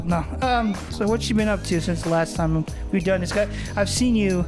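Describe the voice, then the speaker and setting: A man's voice: high-pitched, moderate pace, over music. A man co-hosting a podcast in casual chat, rambling and swearing freely. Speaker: podcast co-host.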